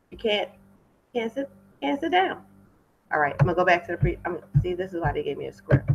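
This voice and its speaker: A woman's voice: fairly low pitch, very animated, quick pace, gravelly, lo-fi sound, a little hiss or hum. A woman hosting a webinar for wedding pros, chatty and off script, repeating words for emphasis over a computer mic. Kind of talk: casual talk from a webinar.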